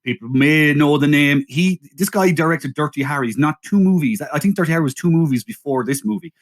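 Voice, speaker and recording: A man's voice: fairly high pitch, fairly quick. A man co-hosting a podcast, steering a casual film chat with wry remarks and laughing along. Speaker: podcast co-host.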